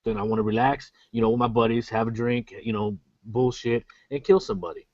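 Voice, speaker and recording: A man with a mid-pitched voice rants bluntly and profanely on a gaming podcast. The recording is dry and dull, with little room sound and a lo-fi tone. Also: fairly even intonation, fairly quick, darkish tone, no room sound. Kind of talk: opinionated podcast discussion.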